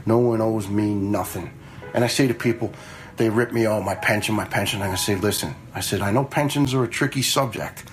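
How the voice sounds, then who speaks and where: A man's voice: on the low side, fairly quick, poor audio. A man in his fifties, a retired fire lieutenant, telling stories in a blunt, conversational way with some swearing. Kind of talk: casual storytelling.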